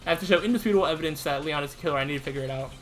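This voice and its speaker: A man's voice: fairly high pitch, racing, soft background music. A man hosting a let's play, casually commenting on a game and reading its text aloud as he plays. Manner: animated, thinks out loud.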